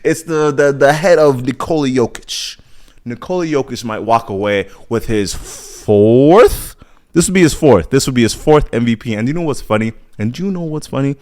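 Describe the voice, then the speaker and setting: A man's voice: medium pitch, lively intonation, moderate pace, darkish tone. A young American man hosting his own podcast, talking casually and animatedly, repeating himself and tossing in playful asides. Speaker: podcast host. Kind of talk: casual solo commentary.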